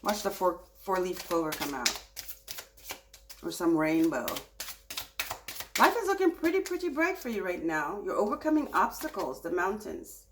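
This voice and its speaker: A woman giving a casual tarot reading, speaking softly and soothingly and turning animated when she gets excited. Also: fairly low pitch, moderate pace, pauses often, noisy background. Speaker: tarot reader.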